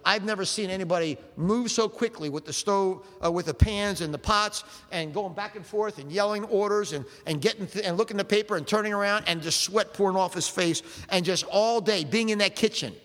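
A man's voice: high voice, brisk, few pauses, a bit bright, big-room sound. A man from South Jersey preaching in a folksy, rambling storytelling way, dropping "amen" between anecdotes. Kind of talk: storytelling sermon.

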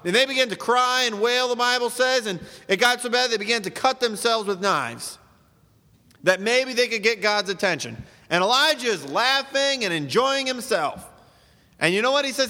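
A man preaches with a high, bright voice, pressing his point through one rhetorical question after another. His delivery is emphatic and driving. The sound carries the long reverb of a large hall. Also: lively intonation, normal speed. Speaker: pastor. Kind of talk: sermon.

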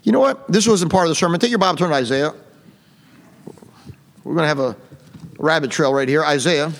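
A man's voice: a little high, fairly quick, gravelly, long reverb tail. A middle-aged male pastor preaching a blunt, scolding sermon full of rhetorical questions, in a church sanctuary. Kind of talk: fiery sermon.

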